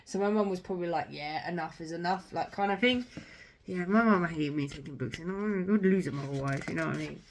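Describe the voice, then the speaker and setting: A woman's voice: on the low side, quick pace. Chatty gushing young woman. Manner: chatty and gushing, heavy filler words. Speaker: vlogger. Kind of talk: casual book show-and-tell.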